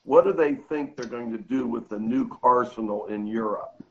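A man's voice: mid-range voice, moderate pace, fairly bright tone, highs cut off. A man joining a talk radio show, earnest and worried.

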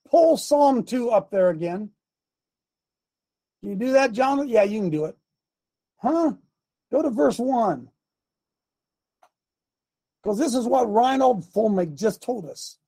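A high-voiced man delivers a fiery sermon, swinging from emphatic shouting to sarcastic asides. He reads scripture aloud and calls directions to the crew between passages. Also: expressive, slow, pauses often. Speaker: pastor.

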